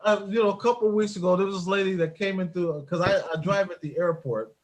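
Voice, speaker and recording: A man's voice: sits high, fast talker. A man who drives an airport shuttle bus, telling jokey work stories in casual chat and laughing often at his own wordplay.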